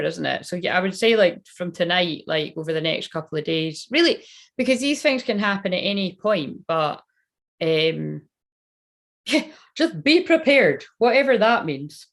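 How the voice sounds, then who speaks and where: A woman's voice: fairly low pitch, normal speed, vocal fry. A young Scottish woman doing a tarot reading on a casual livestream, chatty, rambling and swearing now and then. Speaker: tarot reader.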